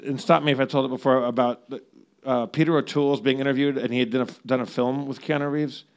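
A man's voice: mid-range voice, steady tone, fast talker. A man in a casual chat who stammers and repeats words as he asks questions.

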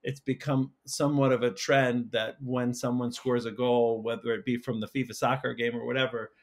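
A man, a school counsellor and podcast guest, telling a personal story in casual conversation, halting with many restarts and fillers. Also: mid-range voice, little pitch movement.

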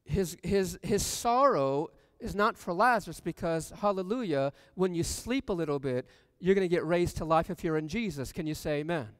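Male preacher, high and smooth, reads scripture and quizzes the congregation, dry close mic with a long church reverb tail. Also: normal speed, few pauses. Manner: reads scripture aloud, then asks the congregation questions. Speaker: pastor. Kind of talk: sermon. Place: church sanctuary.

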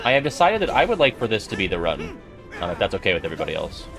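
A young man giving profane, jokey, excitable commentary as he plays a video game. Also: low-pitched, very fast, music in the background. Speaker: gamer and video host. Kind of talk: let's-play game commentary.

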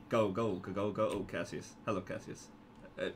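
A man giving casual gameplay commentary, excitable, yelping and joking as he plays. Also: lowish voice, fairly quick, a little hiss or hum.

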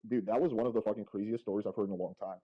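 A man's voice: lowish voice, steady tone, very fast, dry recording. A man interviewing a guest, sympathetic and blunt, swearing freely, heard over a dull, muffled audio feed. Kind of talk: casual interview.

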